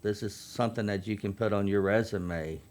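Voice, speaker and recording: A man's voice: on the low side, brisk, darkish tone. A man in his fifties, a Navy veteran and chaplain, earnestly explaining youth programs in a radio interview. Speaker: veterans' group chaplain and guest.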